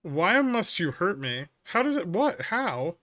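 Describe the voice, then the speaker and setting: A man with a slightly higher voice hosts a casual livestream, reacting to viewers' comments with dry, teasing banter. His voice sounds close and dry, with almost no room around it. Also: sing-song, measured pace, pushed and bright, dry recording. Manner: dry, wry banter answering chat. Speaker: livestream trading host. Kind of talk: casual live-stream chat.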